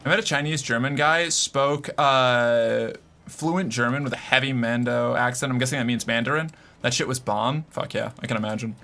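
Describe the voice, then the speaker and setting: A man's voice: mid-range voice, normal speed, pushed and bright. A man chatting casually on a live stream, loose and joking, swearing and laughing as he plays.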